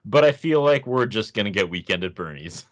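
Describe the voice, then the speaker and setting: Man, low voice, casual podcast chat, sarcastic, laughs a lot. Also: expressive, a little fast. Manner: laughs often, sarcastic asides. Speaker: podcast co-host.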